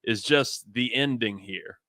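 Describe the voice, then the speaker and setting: A man's voice: mid-range voice, slow, sharp tone, no room sound, studio quality. A young man hosting a sports variety show, chatting casually in a rambling, self-amused way. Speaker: host.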